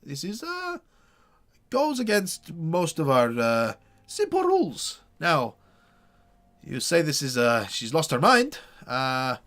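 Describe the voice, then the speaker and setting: A haughty town burgomaster, as a man puts him on for a tabletop game, dragging out his words with scorn. His voice leaps high and loud as he lectures, swinging widely in pitch. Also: wildly swooping pitch, exaggerated voice. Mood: stern. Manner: haughty, drawn-out and dismissive. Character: pompous suspicious male town burgomaster.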